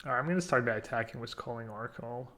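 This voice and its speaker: A man streaming a card game, chatting casually and thinking out loud while poking fun at himself. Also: medium pitch, very fast. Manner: chatty, self-mocking, thinks aloud. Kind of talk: casual live-stream commentary.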